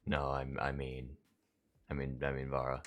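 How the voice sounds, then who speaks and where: A man's voice: a bass voice, monotone, normal speed. A man running a tabletop role-playing game with a wry, teasing manner. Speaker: dungeon master.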